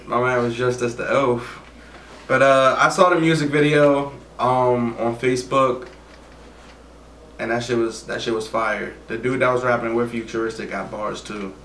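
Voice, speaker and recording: A man hosting a reaction video, making slow, laid-back, slangy remarks in casual commentary. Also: mid-range voice, steady tone, fairly bright tone, a little hiss or hum. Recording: echoey room, distant mic. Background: faint music from the played video.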